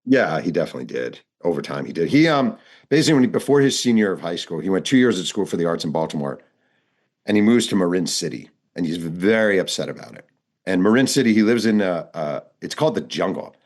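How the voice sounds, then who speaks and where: A man with a very low voice spins out a reporting story as an interview guest. He narrates vividly and slips into the voices of the people he quotes, keeping the story moving. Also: animated, quick pace. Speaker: author and guest.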